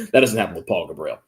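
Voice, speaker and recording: A man in his thirties gives sarcastic, mocking reaction commentary and laughs often. His voice sits fairly low. His pitch swings widely as he rants. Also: a little mellow. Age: 30s. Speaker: finance YouTuber.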